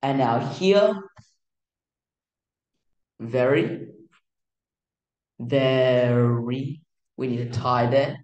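A man teaching music theory in a casual, halting way, with many fillers and restarts. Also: mid-range voice, expressive, darkish tone, reverberant, muffled recording. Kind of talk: casual explanatory lesson.

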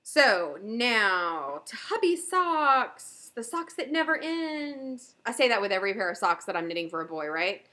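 A woman's voice: on the high side, sing-song, measured pace, few pauses, bright, forceful tone. A woman hosting a knitting video podcast, chatting casually and enthusiastically about her projects with frequent fillers. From Southern US. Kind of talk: casual show-and-tell chat.

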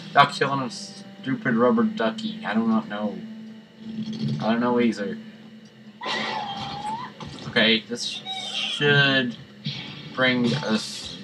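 A man giving rambling, jokey let's-play commentary that breaks into sudden excited yelps. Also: mid-range voice, background noise. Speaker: gaming channel host. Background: game music.

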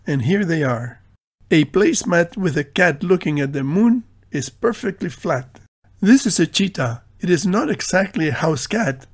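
A man with a notably high voice narrates a scripted voice-over. His delivery is dry and deadpan and keeps a tongue-in-cheek tone. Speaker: video narrator.

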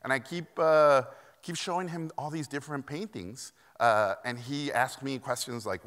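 Animated man telling stories. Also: mid-range voice, normal speed. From Mexico. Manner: lively, animated anecdotes, laughing often. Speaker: keynote speaker. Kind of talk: storytelling keynote. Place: conference hall stage. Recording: echoey conference hall.

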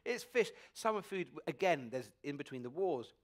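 An English food critic in his forties chatting onstage at a festival, wry and quick, with frequent laughs and restarts. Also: a little high, animated. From England. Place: festival stage before an audience.

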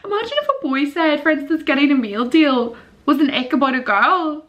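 Young woman vlogger, chatty and giggly, high lively voice with big swoops. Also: fairly quick, dull audio. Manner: giggly, animated, swoops into squeals and disgusted groans. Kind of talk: casual chatty vlog.

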